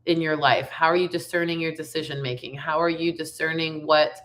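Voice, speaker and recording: A young woman with a raspy voice from laryngitis, chatting upbeat and slangy as a tarot reader and singer in a casual spiritual vlog. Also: deep voice, fairly even intonation, fairly quick, fairly bright tone.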